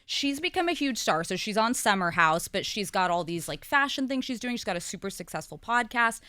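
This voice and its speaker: Articulate woman, clear close voice. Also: medium pitch, sing-song, bright, forceful tone, no room sound. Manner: candid and quick, with frequent laughs and fillers. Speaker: co-host and guest. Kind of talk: casual podcast conversation.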